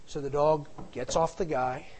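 A man's voice: a little high, fairly even intonation, a little slow, darkish tone, a little hiss or hum, poor audio. A middle-aged man telling a family anecdote in a casual, rambling way, full of asides. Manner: rambling, digressive, with frequent asides. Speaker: storyteller.

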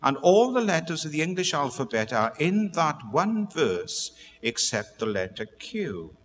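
A man's voice: on the high side, very animated, measured pace, a bit bright, long reverb tail, slight background noise. A man from Wales with a Welsh accent, preaching with chatty, self-deprecating asides before reading scripture. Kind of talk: sermon with humorous asides.

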